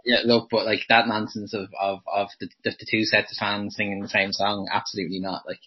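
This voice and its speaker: A man with a husky, lowish voice chats in a casual, dry, self-mocking way. The sound is slightly muffled, like a basic podcast mic. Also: flat delivery, brisk. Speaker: podcast co-host. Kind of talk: casual chat.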